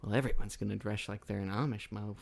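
A man's voice: lowish voice, fairly even intonation, fast, vocal fry, darkish tone. A man who is an actor, chatting as a guest on a comedy podcast in an easygoing, rambling way with frequent laughs. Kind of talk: casual comedy podcast chat.

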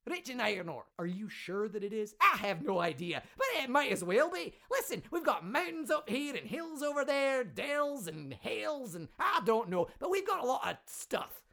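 A man's voice: very high voice, very animated, normal speed, few pauses, sharp tone, heavily acted. A man voicing a brash, rambling Scottish patriot man in a kilt, boastful and self-contradicting, with a Scottish accent, as a comedy podcast character bit. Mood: ranting.

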